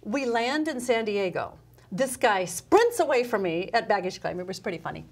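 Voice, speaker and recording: A woman's voice: mid-range voice, very animated, moderate pace. A middle-aged woman, a guest speaker in a casual interview, telling her story with animation and acting out her own past dialogue. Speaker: guest, customer service speaker.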